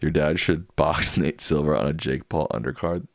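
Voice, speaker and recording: Host, male, very low voice, dry close mic, offhand chat reader. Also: fairly even intonation, normal speed, vocal fry, no echo. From United States. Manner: reads viewer comments aloud and answers offhand. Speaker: livestream host reading chat. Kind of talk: casual chat.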